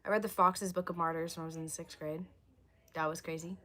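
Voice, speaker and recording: A young woman chatting on a livestream, rambling and answering viewer comments, her voice going hoarse. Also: sits low, steady tone, quick pace, a bit bright. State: losing her voice, coughing. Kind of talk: casual livestream chat.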